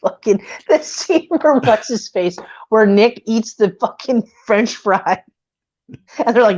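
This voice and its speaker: An excitable woman co-hosts a casual movie podcast, swearing freely and breaking into laughter. Her pitch leaps around in lively swings. The audio is dull and lo-fi. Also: slow pace. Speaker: podcast co-host. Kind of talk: casual movie review chat.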